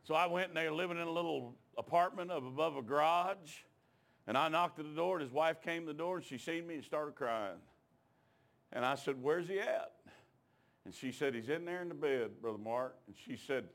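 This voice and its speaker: A middle-aged man preaching, telling a personal story in a folksy, emotional way that rises into shouted preaching. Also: mid-range voice. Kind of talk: storytelling sermon.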